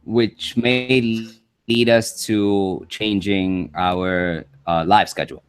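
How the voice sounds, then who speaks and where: Easygoing low-voiced podcast co-host man. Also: fairly even intonation, slow pace, clean tone. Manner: easygoing, laughs along. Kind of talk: casual chat.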